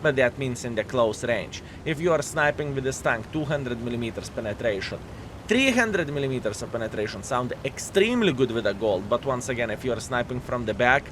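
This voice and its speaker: A man's voice: medium pitch, expressive, fairly quick, background noise. Sarcastic male gameplay commentator. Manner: sarcastic, repeats phrases, many fillers. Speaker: game commentator.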